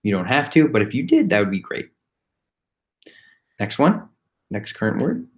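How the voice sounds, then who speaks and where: A man teaching a phonics lesson to young children. He spells words letter by letter, slowly and patiently. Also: medium pitch, big pitch swings. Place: home, recorded remotely.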